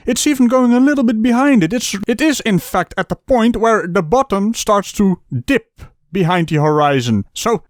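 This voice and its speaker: A man's voice: sits high, dry recording, clean studio sound. A man giving mocking, sarcastic commentary on a video, laughing at what he hears. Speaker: debunking commentator.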